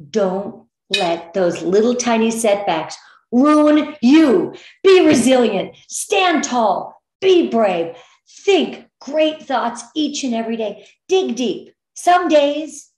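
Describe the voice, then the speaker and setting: A woman's voice: fairly high pitch, darkish tone. Upbeat woman coaching in an echoey room. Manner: upbeat and encouraging, gets emotional. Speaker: direct sales team leader. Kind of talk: motivational business training.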